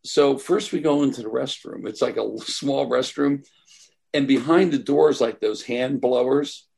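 A man's voice: mid-range voice, normal speed, vocal fry, a little mellow, slightly rough. An older man telling long, rambling anecdotes in a casual interview, full of "like" and "you know". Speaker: guest. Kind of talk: casual storytelling.

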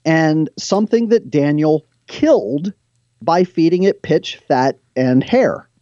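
A man who is a guest on the show, retelling stories from scripture in an animated way and reading passages aloud. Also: a little high, slow pace, no room sound, lo-fi sound.

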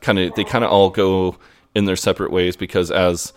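A man's voice: low-pitched, flat delivery, a little fast. A man co-hosting a podcast, recapping an episode in casual chat, rambling with lots of fillers. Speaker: podcast co-host.

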